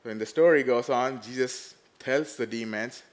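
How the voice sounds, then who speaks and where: Preacher man swinging loud to hushed. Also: medium pitch, normal speed. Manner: animated, swings from loud to hushed, acts out quoted voices. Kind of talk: sermon.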